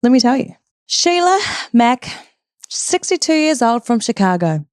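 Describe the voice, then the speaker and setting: Woman co-host, high bright voice, playful interjections. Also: big pitch swings, unhurried, long pauses, dry recording, clean studio sound. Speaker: podcast co-host. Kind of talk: casual chat. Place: hotel room.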